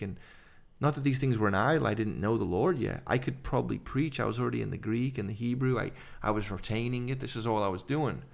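A middle-aged man with an English accent, a podcast guest telling his story in fast, animated run-on sentences. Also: medium pitch, gravelly. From England. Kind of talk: casual conversation.

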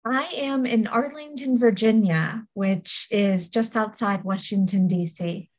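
A woman appearing as a guest on a podcast, a speaker and coach who talks in a candid, steady, reflective way. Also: medium pitch, measured pace. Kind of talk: podcast interview.

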